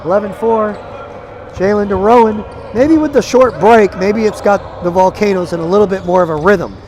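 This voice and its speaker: A man calling basketball play-by-play in quick, clipped calls that climb with the action. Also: high voice, a little mellow, slight background noise. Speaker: play-by-play commentator.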